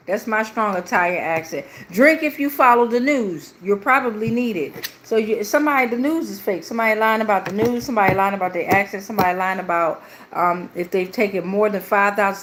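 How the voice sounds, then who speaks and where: A woman's voice: fairly quick, a little hiss or hum. Slangy woman reading cards on a livestream. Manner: loose, slangy and playful, with cursing; low, steady prayer recital in lists. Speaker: tarot reader.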